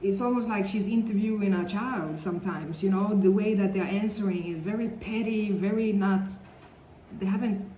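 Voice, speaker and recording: A woman vlogger with a warm, medium-pitched voice speaks at a moderate pace, rambling through a casual storytime to camera. Her speech is peppered with "like" and "you know," recorded with roomy echo and faint background noise.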